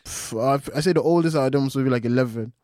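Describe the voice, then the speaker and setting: A man's voice: mid-range voice, quick pace, dark tone, dry recording, studio quality. A young man, a podcast co-host chatting casually, tired and laughing through slangy stories. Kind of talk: casual chat.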